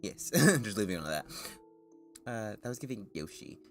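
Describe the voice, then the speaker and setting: Deep voiced guy rambling to his stream chat, lots of laughs and restarts, voice bouncing all over. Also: big pitch swings, moderate pace, a bit bright, soft background music. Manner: self-consciously nervous. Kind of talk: casual chat with viewers.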